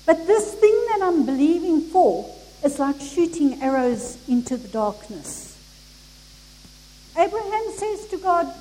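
A woman preaching a sermon, acting out the people in the story with expressive delivery. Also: sits high, a little slow. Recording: echoey hall with faint noise.

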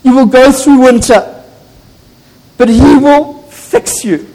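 A man's voice: extremely high pitch, slow pace, darkish tone. A man, a pastor preaching an impassioned, emphatic sermon in a church. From South Africa. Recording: echoey church hall.

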